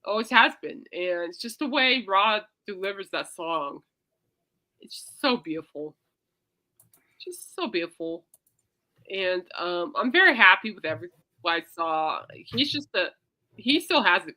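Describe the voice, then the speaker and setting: A woman with a medium-pitched voice and a moderate pace hosts her own podcast, telling rambling stories in a casual chat. She's an animated storyteller whose volume swings between loud and soft, and she calls her listeners "people."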